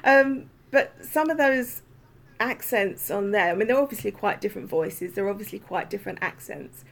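A woman hosts a podcast over a video call, chatting casually and meanderingly in an interview with lots of fillers. Her mid-range voice is animated, at normal speed, with vocal fry.

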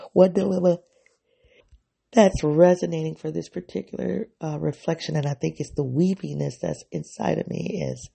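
A deep-fried, gravelly voice with a husky, breathy edge, speaking in a reflective personal monologue. The vlogger thinks aloud, stops to fix half-remembered quotes, and leans hard on key words with earnest, drawn-out emphasis. The tone stays dark and mellow throughout.

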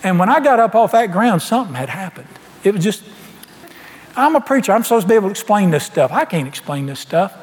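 Animated preacher in a church hall. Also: male voice, high voice, fast talker. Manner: folksy, animated storytelling, acts out dialogue. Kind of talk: storytelling sermon.

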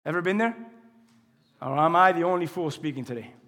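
A male pastor preaching a sermon in a church, asking the congregation questions and swinging between quiet teaching and loud, impassioned passages. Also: a little high, lively intonation, brisk. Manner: asks the congregation call-and-response questions. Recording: long hall reverb.

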